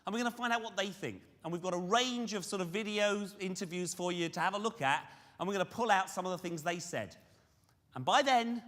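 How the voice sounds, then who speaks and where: A man giving a lively conference presentation, questioning the audience directly. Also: high voice. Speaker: conference speaker on fundraising. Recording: reverberant hall.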